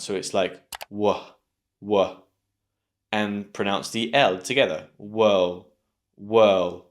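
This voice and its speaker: A man with a British accent giving an online English pronunciation lesson, patient and clear, slowing down to drill each sound. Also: fairly low pitch, a bit bright.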